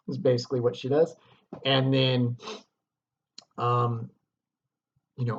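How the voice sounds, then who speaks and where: A man's voice: medium pitch, level tone, unhurried, long pauses, lo-fi sound. A man teaching a lesson on a stage play, explaining scenes casually and reading passages aloud.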